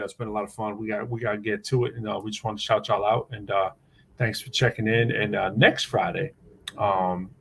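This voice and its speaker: A man's voice: on the low side, vocal fry, fairly bright tone, a little hiss or hum. A man hosting a live show, rambling and joking in loose, casual banter. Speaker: show host.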